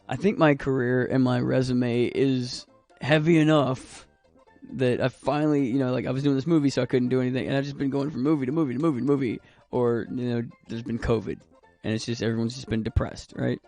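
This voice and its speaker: A man's voice: mid-range voice, fairly even intonation, brisk, darkish tone, soft background music. A young man streaming a video game, chatting casually and rambling, swearing freely. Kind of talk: casual gaming stream chat.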